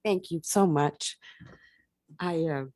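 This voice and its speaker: A woman thanking a public meeting on her late husband's behalf, speaking in an emotional, halting, heartfelt way. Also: sits low, warm tone. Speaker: widow of honoree. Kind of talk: brief thank-you remarks.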